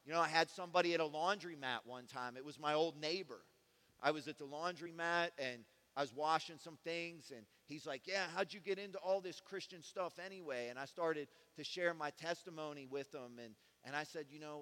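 A man preaching a sermon in a casual, conversational way that swings from soft asides to loud, fervent passages. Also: a little high, lively intonation, brisk, big-room sound. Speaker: pastor.

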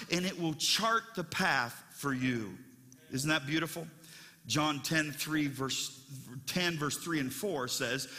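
A man's voice: on the high side, bright, forceful tone, in a large hall. A man preaching a sermon as pastor of his church, conversational and storytelling, with frequent restarts.

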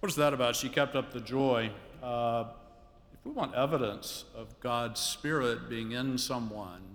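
Pastor preaching in a reverberant church. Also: male voice, medium pitch, measured pace, a bit bright. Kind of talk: funeral sermon and scripture reading. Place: church sanctuary. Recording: long reverb of a church hall, faint noise.

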